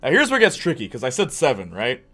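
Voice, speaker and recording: A man chatting excitedly and rambling about games on a live stream. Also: medium pitch, fast. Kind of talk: casual chat on a live stream.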